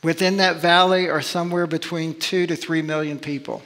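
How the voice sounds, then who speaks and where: A pastor delivers a sermon with emphatic, searching rhetorical questions. His voice sits high for a man. A long reverb trails every phrase, as in a large church sanctuary. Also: steady tone, normal speed, fairly bright tone.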